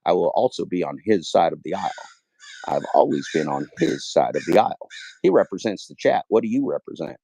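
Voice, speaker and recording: Low-voiced rambling man in his fifties. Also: expressive, fairly quick, creaky, no echo. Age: 50s. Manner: rambling, profane, repeats phrases, swings loud and high when worked up. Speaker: livestream host. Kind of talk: casual livestream monologue.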